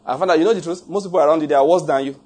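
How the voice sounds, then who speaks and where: A man's voice: a little high, rapid-fire, darkish tone. A man preaching a sermon in a jokey, emphatic way, laughing at his own points and repeating lines for effect. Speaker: pastor.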